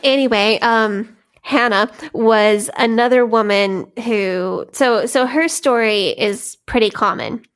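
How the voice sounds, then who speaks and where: A young woman co-hosting a podcast, talking in a relaxed, informal way and laughing easily. Her voice sits fairly high for a woman. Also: takes it slowly, clean tone. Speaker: podcast co-host. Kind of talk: casual chat.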